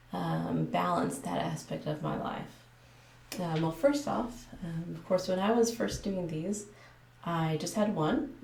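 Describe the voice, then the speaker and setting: Texan woman, ASMR vlogger, careful soft delivery, slightly distant mic in an echoey room. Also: fairly low pitch, creaky. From Texas. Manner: soft, careful, hesitant with many ums. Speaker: ASMR creator. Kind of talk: casual talk to camera.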